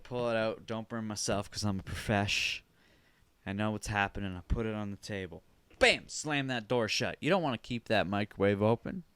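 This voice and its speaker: A man hosting a podcast, telling a comic story in an animated, profane way with sudden shouted bursts. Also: lowish voice, smooth, dry recording. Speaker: podcast host. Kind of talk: comedic storytelling monologue.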